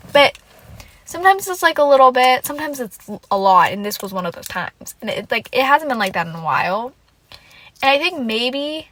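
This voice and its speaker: A woman with a slightly high voice hosts a casual solo podcast, rambling and venting as an animated, emotional fan, saying "like" a lot and swearing frequently. There's no room sound on the recording.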